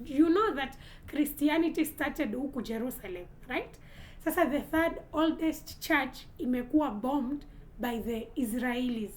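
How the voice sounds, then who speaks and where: A woman's voice: high voice, lively intonation, unhurried, poor audio. A young Kenyan woman from Lamu giving earnest vlog commentary, mixing Swahili into her English and pressing pointed rhetorical questions. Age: young adult. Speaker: content creator.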